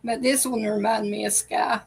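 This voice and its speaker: A woman's voice: on the high side, steady tone, moderate pace, vocal fry, breathy edge, poor audio. A woman hosting a casual reaction vlog, telling family stories in a chatty way and laughing often. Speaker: video host.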